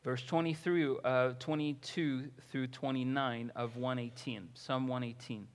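A man preaching a sermon as pastor, reading scripture and building to loud, impassioned emphasis. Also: mid-range voice, fairly even intonation, unhurried, few pauses, big-room sound.

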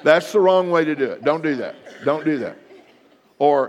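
A man's voice: on the high side, sing-song, normal speed. Middle-aged guy preaching a sermon, acts out little apologies, long hall echo. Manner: acts out short example apologies in different voices; leads the congregation in spoken practice. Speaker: pastor.

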